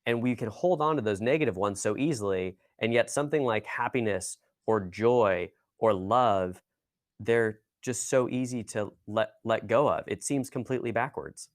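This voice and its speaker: A man's voice: lowish voice, normal speed, no echo, studio quality. A man hosting a podcast, musing in a thoughtful, casual way. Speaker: podcast host. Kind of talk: podcast conversation.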